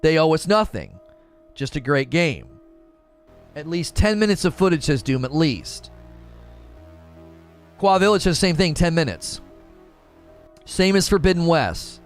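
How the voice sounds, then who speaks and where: A man's voice: fairly high pitch, expressive, unhurried, long pauses. A man in his thirties from the United States hosting a casual live stream, reading chat aloud, laughing often and restarting his sentences. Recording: faint music behind.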